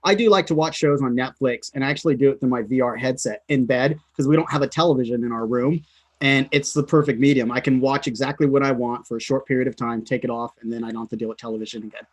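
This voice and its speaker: A man's voice: medium pitch, quick pace. A man co-hosting a casual chat show, talking in a laid-back way and laughing easily. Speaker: podcast co-host.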